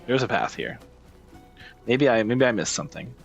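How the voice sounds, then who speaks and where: A man's voice: mid-range voice, very animated, normal speed, creaky, lo-fi sound, soft background music. A man giving casual gameplay commentary, muttering, swearing and calling himself an idiot as he works. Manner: self-deprecating, swearing, frustrated muttering. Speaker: gaming streamer.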